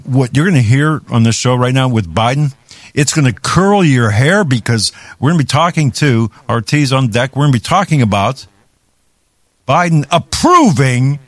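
Heated and ranting, a male talk show host offers political commentary, frequently stumbling and starting over. His voice is mid-range, and the recording has no room sound.

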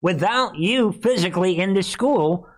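A man voicing a scheming male government recruiter in a mocking, shouting tone. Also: a little high, unhurried.

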